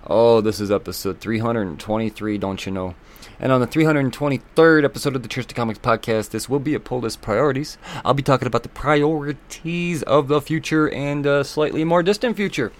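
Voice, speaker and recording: A man hosting a solo podcast, talking loosely and excitably, swearing often and filling gaps with ums and uhs. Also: medium pitch, brisk. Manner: loose, profane and excitable, with many fillers. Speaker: podcast host. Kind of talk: casual solo podcast talk.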